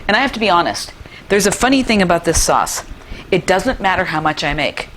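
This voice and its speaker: A woman's voice: lowish voice, animated, brisk, a bit bright, a little hiss or hum. A middle-aged woman hosting a cooking show in her kitchen, chatty and enthusiastic, with playful asides as she demonstrates a recipe.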